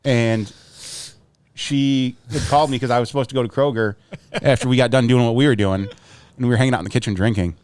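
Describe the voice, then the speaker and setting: A man's voice: mid-range voice, fairly even intonation, quick pace, darkish tone, smooth, no echo. A man co-hosting a podcast in casual chat, laughing often as he introduces clips. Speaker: podcast co-host.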